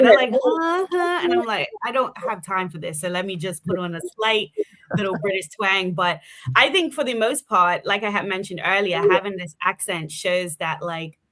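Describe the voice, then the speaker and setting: Bermudian woman chatting as a guest, lots of ums, bright tone. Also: medium pitch. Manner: chatty, many fillers, quick laughs. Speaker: guest politician. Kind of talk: casual interview conversation.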